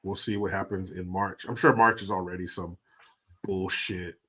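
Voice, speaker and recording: A man's voice: low voice, moderate pace, slightly rough. A man co-hosting a podcast, ranting in casual banter, swearing often and acting out disbelief. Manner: animated, swearing, mock-incredulous. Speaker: podcast co-host.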